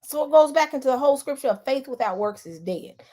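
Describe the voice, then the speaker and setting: A woman vlogger with a high, animated, dark-toned voice rattles through casual commentary for her viewers at a fast clip. She speaks emphatically, repeats herself, restarts often, and addresses the audience directly.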